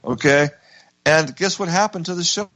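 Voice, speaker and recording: A man's voice: a little high, normal speed, fairly bright tone, no room sound. A man hosting a radio talk show, telling a story with emphatic restarts. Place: radio studio.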